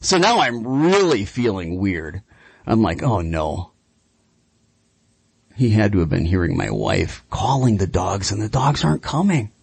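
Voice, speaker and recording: A man hosting a radio call-in show about dog training, telling stories in an animated, chatty way. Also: lowish voice, moderate pace, gravelly, slightly rough, no echo.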